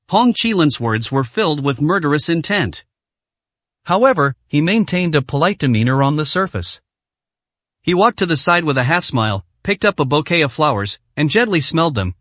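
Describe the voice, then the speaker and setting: A man narrating a translated web novel story, reading every character's lines in the same steady narrating voice. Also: fairly high pitch, moderate pace, no echo.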